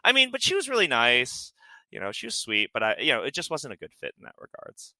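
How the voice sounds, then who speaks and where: A man telling stories on a podcast in a loose, rambling way, full of fillers and bursts of laughter. His voice is strikingly bright and forceful, and it swoops up and down a lot. The sound is close and dry. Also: medium pitch, wildly swooping pitch, fairly quick, no echo. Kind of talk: casual chat.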